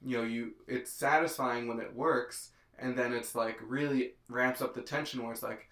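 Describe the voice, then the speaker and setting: An easygoing man of middle pitch muses about a film at an unhurried, relaxed pace. He talks in drawn-out, agreeable stretches. His voice echoes around a roomy space. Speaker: podcast co-host. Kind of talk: casual movie chat.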